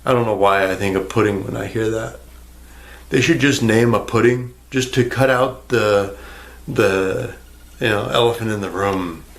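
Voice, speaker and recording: Sweary guy rambling at the camera, sarcastic, kinda gravelly fry in his voice. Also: fairly low pitch, moderate pace. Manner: sarcastic, rambling, swears freely, talks to the viewer. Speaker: vlogger. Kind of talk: rambling casual rant to camera.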